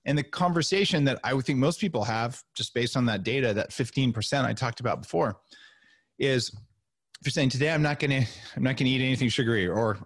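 A middle-aged man telling stories as a podcast guest, lively and acting out the voices of the people he quotes. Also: medium pitch, no room sound, clean studio sound. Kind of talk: animated storytelling interview.

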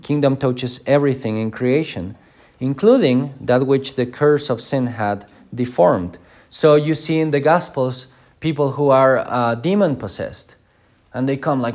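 Pastor guy teaching sunday school, mid-pitch voice, acts out the quotes with lots of uh and um. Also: moderate pace. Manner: animated, acts out quoted lines; frequent fillers and restarts. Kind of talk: Bible class teaching.

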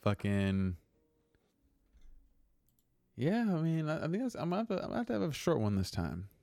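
A man's voice: on the high side, wildly swooping pitch, moderate pace, creaky, mellow, dry recording, clean studio sound, soft background music. A young man hosting a casual solo podcast, rambling and venting with lots of swearing. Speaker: podcast host.

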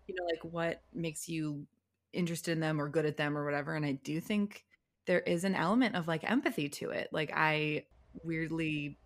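A young adult woman, an impressionist, talking casually in an interview with lots of fillers and quick jumps into quoted voices. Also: deep voice. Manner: chatty, many "like" fillers, lively swings into quoted voices. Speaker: impressionist and video creator.

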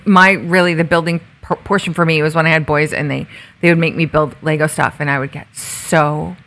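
A woman's voice: deep voice, fairly even intonation, fairly quick, a bit bright. A middle-aged woman hosting a podcast, chatting casually and telling stories with quoted asides. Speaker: podcast host. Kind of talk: casual chat.

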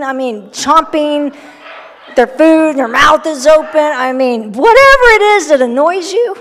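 A woman's voice: sits high, in a large hall. A middle-aged woman preaching a sermon in a church, talking in a conversational, humorous way and acting out the people in her stories. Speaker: pastor. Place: church sanctuary.

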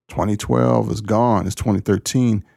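A deep, gravelly man hosts his podcast in a folksy, joking chat, and his pitch often leaps up. His voice is husky. The recording is dry. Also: steady tone, normal speed, mellow, no echo. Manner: folksy, jokey, big pitch jumps. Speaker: podcast host and pastor. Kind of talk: casual chat.

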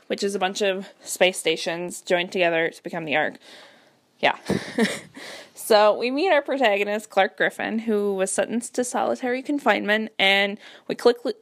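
An eager young woman talks through her writing podcast in a loose, filler-heavy solo chat. Her nose sounds slightly stuffed up, and her voice sits at an ordinary middle pitch. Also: fairly bright tone, dry recording. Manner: chatty, enthusiastic, lots of fillers. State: slightly congested.

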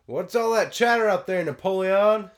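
Give me a man playing a nosy Southern Midwestern uncle, loud and pitched up. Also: normal speed, natural voice. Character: boastful middle-aged uncle, loud and nosy.

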